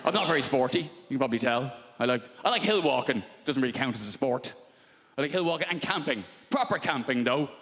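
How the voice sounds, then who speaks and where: A man performing a stand-up comedy set with a deadpan, repetitive, mock-formal delivery. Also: medium pitch, fast. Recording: roomy hall with loud background noise.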